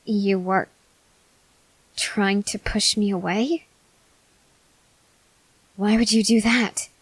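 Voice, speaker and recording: A woman voicing an arrogant, unhinged young male cult leader in a whispered role-play, slow and intense, swinging between whispers and sharp outbursts. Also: medium pitch, steady tone, breathy edge, no room sound, poor audio. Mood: bitter. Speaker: ASMR voice actor.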